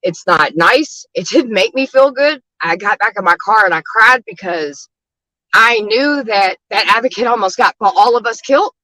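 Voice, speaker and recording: A woman's voice: medium pitch, lively intonation, moderate pace, bright, forceful tone, no echo, rough recording. A woman street outreach advocate telling stories in a casual chat, frank and blunt, with frequent swearing. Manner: frank and blunt, with frequent swearing and "you know what I mean".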